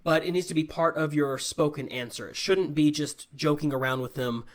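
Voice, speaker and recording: A man's voice: on the high side, normal speed. An American man teaching English and answering questions in a live online class, explaining patiently and often checking in with "right?". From United States. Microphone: video call.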